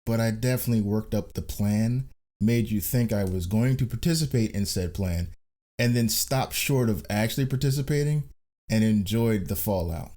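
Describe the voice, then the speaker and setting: A man's voice: on the low side, normal speed, warm tone. A man co-hosting a podcast in casual chat, telling wry stories and laughing at them. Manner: wry storyteller, laughs at his own stories. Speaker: podcast co-host.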